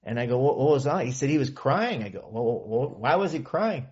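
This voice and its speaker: A man's voice: mid-range voice, sing-song, a little fast, a little mellow. Male recovery meeting speaker, earnest conversational storyteller, muffled lo-fi recording. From California. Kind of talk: personal testimony talk. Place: meeting hall.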